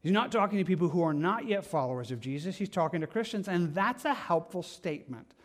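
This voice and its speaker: Higher-voiced man preaching a conversational sermon. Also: expressive, a little fast. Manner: conversational, earnest, with frequent "like" and repeated words. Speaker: pastor.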